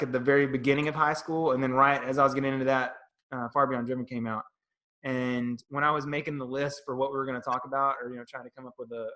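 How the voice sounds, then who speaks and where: Bright-voiced man telling rambling stories. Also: medium pitch. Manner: rambling, animated storytelling. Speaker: podcast co-host. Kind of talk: casual chat.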